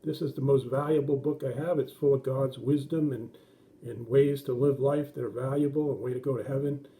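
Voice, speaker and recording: A middle-aged man tells a story to kids in a church message. His voice is soft and mellow, and he keeps the words plain and gentle. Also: medium pitch, fairly even intonation, brisk. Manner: gentle, simple explanations for kids, acts out voices. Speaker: children's pastor. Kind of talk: children's sermon storytelling.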